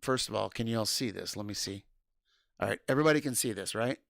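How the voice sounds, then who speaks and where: A man hosting a casual livestream, loud and excitable, swearing and laughing often. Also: fairly low pitch, fast, gravelly, no echo, clean studio sound. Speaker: livestream host.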